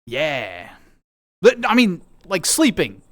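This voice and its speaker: A man's voice: a little high, wildly swooping pitch, takes it slowly, a bit bright, no room sound. A man streaming, chatting casually and rambling playfully to his viewers while playing a game. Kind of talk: casual chat with chat.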